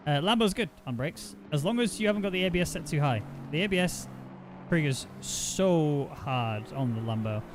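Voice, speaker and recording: A man commentating a sim racing event live, jumping up in excitement when the action heats up. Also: noisy background. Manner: excitable, quick to rise in pitch on action. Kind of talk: live esports race commentary.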